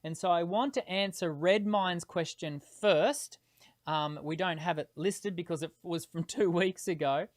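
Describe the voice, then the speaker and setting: A man hosting a live singing Q&A as a voice teacher, explaining technique patiently and pausing to demonstrate tones, with frequent hesitations between points. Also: high voice, no echo, clean studio sound. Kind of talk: live-streamed Q&A.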